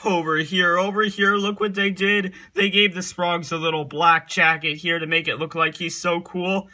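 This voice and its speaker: A man's voice: high-pitched, flat delivery, normal speed, bright, forceful tone. A man doing comedic reaction commentary on pictures, giggling a lot, repeating silly chants and mock-scolding the picture maker. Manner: giggly and repetitive, laughing at each picture in singsong chants.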